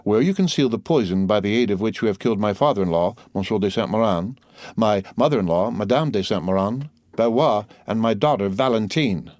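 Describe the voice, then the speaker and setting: A man's voice: lowish voice, brisk, dry recording, clean studio sound, close to an everyday voice. A man playing a cold contemptuous magistrate. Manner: calm, contemptuous interrogation. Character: cold stern male magistrate, accusing husband. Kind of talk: audiobook character voice.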